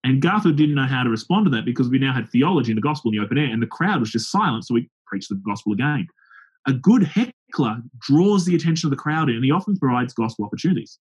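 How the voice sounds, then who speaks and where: Male pastor, animated storyteller, a little raspy, muffled lo-fi audio. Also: mid-range voice, fast. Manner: lively anecdotal storytelling with acted-out quotes. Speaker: pastor and open-air preacher. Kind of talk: telling stories in an interview. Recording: dull lo-fi sound.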